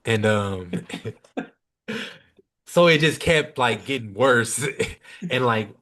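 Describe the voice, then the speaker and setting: A man's voice: mid-range voice, drawn-out words. A young man chatting casually as a podcast guest, telling a story with lots of slang and swearing. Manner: animated, slangy, swears freely.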